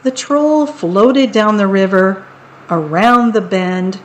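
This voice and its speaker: A woman reading picture books aloud in a playful, unhurried storytelling manner. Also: mid-range voice, low-quality recording.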